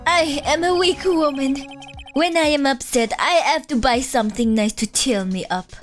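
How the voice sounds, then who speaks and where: A woman's voice: high-pitched, normal speed, faint music behind, natural voice. A woman voicing a theatrical male French restaurant owner sunk in debt, with a put-on French accent and melodramatic, overwrought pleading, as she reads game dialogue on a stream. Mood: self-pitying.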